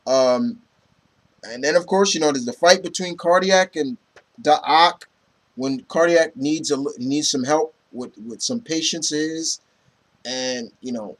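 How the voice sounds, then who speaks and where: Male comic reviewer, slightly high-pitched, loose and rambling, heavy on "you know". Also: a little slow. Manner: retells scenes, quoting characters. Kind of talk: casual review talk.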